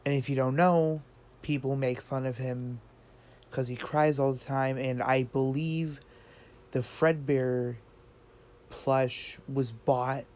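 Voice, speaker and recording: A man's voice: medium pitch, a little mellow. A man talking casually about a video game theory. He rambles and thinks aloud, often restarting and adding fillers. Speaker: gaming video creator.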